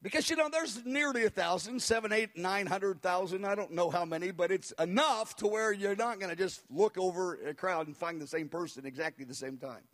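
A middle-aged man preaching, telling a story in an animated way and acting out quotes. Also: high-pitched, brisk, few pauses. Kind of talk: sermon storytelling.

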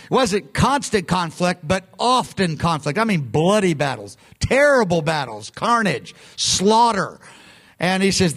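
A man with a high-pitched, fairly bright and very animated voice teaches from the pulpit at a measured pace. He talks conversationally and with emphasis, often stopping partway through sentences to restart them.

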